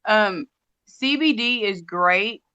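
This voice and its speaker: A woman calling in to a live stream, rambling and restarting her sentences as she talks. Her voice is bright and smooth. The call audio is dull and lo-fi. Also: medium pitch, expressive, slow, no echo. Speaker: call-in guest. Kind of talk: casual chat.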